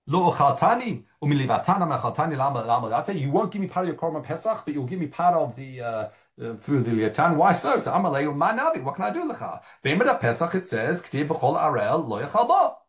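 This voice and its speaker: Lively man teaching a Talmud lesson. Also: fairly high pitch. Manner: reads Aramaic phrases then explains them in English, with frequent fillers and restarts. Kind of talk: Talmud study lesson, reading and translating.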